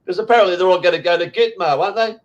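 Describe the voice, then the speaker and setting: A man's voice: high voice, racing, lo-fi sound. An Australian man hosting a casual chat, ranting bluntly with lots of swearing and fillers. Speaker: host.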